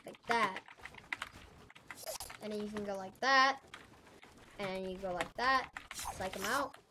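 A woman's voice: mid-range voice, measured pace. A woman hosting a casual gameplay tutorial, thinking aloud, rambling and correcting herself as she goes. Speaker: gaming channel host. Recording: noisy with keyboard clicks.

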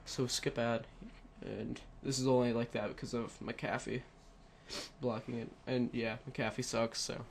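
A man's voice: medium pitch, little pitch movement, a little slow, gravelly, a little hiss or hum. A man casually talking through a computer tutorial on a headset, rambling with many fillers and self-corrections. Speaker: tutorial narrator. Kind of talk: casual screen-recorded tutorial.

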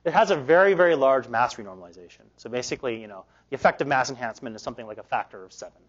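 Hoarse man giving a physics lecture. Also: mid-range voice, expressive. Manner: loose, halting delivery with many fillers and restarts. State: losing his voice. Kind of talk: academic research talk. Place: lecture hall. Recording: dull lo-fi lecture recording.

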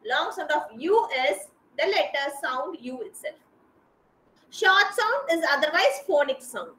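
A woman's voice: sits high, sing-song, measured pace, sharp tone. A woman teaching a kindergarten class over a video call. She is patient and repeats and spells out sounds for small children. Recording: roomy echo.

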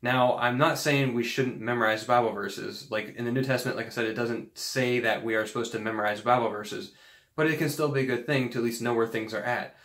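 A man's voice: mid-range voice, fairly even intonation, brisk, a bit bright, reverberant. A man giving an earnest, casual teaching talk on faith, rambling a bit with fillers and restarts. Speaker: Christian video host.

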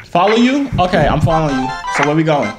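A man's voice: on the high side, big pitch swings, fast, music in the background. A man, joking and flirting with strangers on a video chat. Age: 30s. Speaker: host. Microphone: phone or webcam. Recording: echoey room, faint noise.

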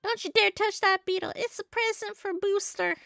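A woman's voice: extremely high pitch, fairly even intonation, moderate pace, vocal fry, a bit bright, dry recording, clean studio sound, voice pushed up, exaggerated voice. A woman voicing bossy, bratty kids in a game, whiny and pushy. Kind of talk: reading game dialogue aloud.

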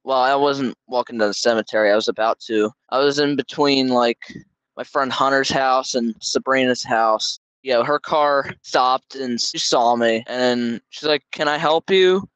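A young man tells a story casually, rambling and correcting himself as he goes. His voice sits at a middle pitch. The recording is close and dry. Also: fairly even intonation, normal speed, fairly bright tone, clear, resonant tone, dry recording, poor audio. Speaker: podcast host.

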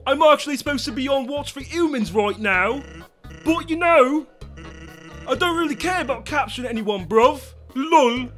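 Give me a man doing a cheeky skeleton with a put-on London slang accent, lively and laid-back. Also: very high-pitched, normal speed, soft background music, voice pushed up. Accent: London-style slang put-on. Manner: laid-back, cheeky, keeps saying bruv. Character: lazy joking skeleton man with British slang.

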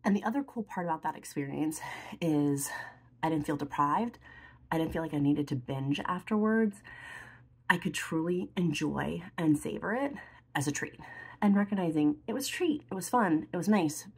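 Doing her makeup on camera, this lifestyle and beauty vlogger talks at a normal pace in a low, expressive, slightly rough voice. She gets emotional and tearful at times, chatting away with plenty of "like" fillers.

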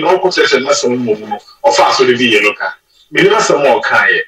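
A Ghanaian man talks through the game as a studio football pundit and slips between Twi and English as he goes. His voice is bright and forceful. It is recorded in an echoey radio studio, a little way off the mic. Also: mid-range voice, normal speed, far from the mic. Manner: animated, mixes Twi and English mid-sentence. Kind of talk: studio sports discussion.

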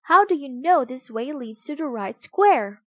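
A woman voicing a doubtful, questioning young boy in a storybook, a bit louder than her narration. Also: high voice, lively intonation, a little slow, dry recording. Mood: puzzled. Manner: louder, puzzled.

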